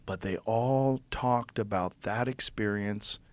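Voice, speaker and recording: Curious male host, measured and conversational, dry close sound. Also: lowish voice, no room sound. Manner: curious, reflective, asks probing questions. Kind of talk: casual conversation.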